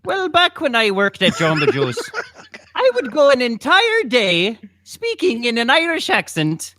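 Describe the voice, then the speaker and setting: Bright, playful podcast co-host. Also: male voice, very high-pitched, wildly swooping pitch, a little slow, slight background noise. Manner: playful, laughs through his anecdotes. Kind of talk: casual podcast storytelling.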